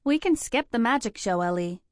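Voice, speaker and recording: A woman's voice: on the high side, expressive, normal speed, no room sound, studio quality, natural voice. A woman reading the part of a playful young woman in her twenties, a teasing best friend who talks in an upbeat, sing-song way. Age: 20s.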